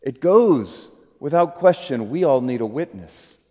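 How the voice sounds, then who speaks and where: A middle-aged man preaching a sermon as a pastor, earnest, rising to emphatic peaks and dropping to soft low phrases. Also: animated, measured pace, muffled recording. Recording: long hall reverb.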